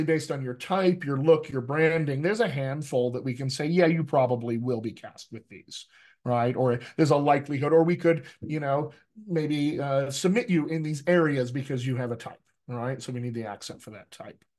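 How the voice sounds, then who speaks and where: A middle-aged man, a dialect coach, talking energetically to a group and checking in with "right?" as he goes. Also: mid-range voice. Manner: lively, addresses the group directly, frequent "right?" tags. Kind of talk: energetic workshop talk.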